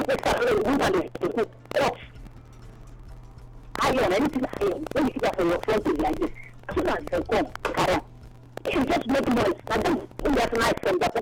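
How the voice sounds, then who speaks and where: Nigerian woman, radio caller, halting and rambling, lively pitch, loud music under the phone line. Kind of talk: phone call to radio show.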